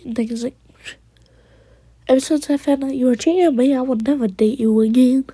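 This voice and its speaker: A woman's voice: sits high, steady tone, fairly quick, dark tone, slightly rough, dry recording. A woman casually retelling a fan story, rambling and quoting characters, often slipping into a whisper.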